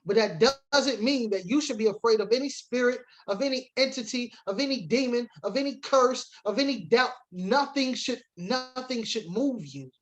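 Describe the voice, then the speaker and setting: A man's voice: very high voice, moderate pace, few pauses, highs cut off. A man teaching a sermon-style Bible lesson to a congregation, reading scripture aloud and defining words, switching between emphatic preaching and casual asides.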